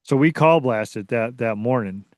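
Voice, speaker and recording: A man being interviewed as a researcher, telling a story in a casual, excitable way that rambles and restarts. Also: medium pitch, a little slow, no echo, studio quality. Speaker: guest, Bigfoot researcher.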